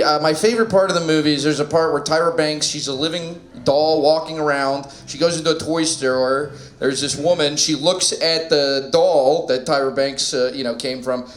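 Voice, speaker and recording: Stand-up comic, man, slightly high voice, halting and self-deprecating, laughs at own lines, roomy room. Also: fairly bright tone. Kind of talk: stand-up comedy set. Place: small comedy venue indoors. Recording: roomy small-room sound.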